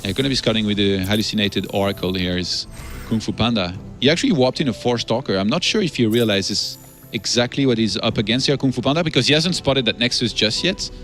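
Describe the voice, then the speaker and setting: A man commenting on a live esports match, analytical and steady as he breaks down each player's position. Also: lowish voice, fast, soft background music. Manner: analytical, breaks down the game state.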